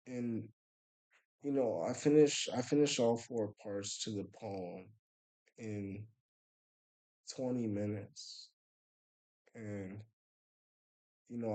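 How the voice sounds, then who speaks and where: A tired young man telling a personal story in a casual, halting way, full of restarts and fillers. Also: on the low side, poor audio. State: tired late at night. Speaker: vlogger.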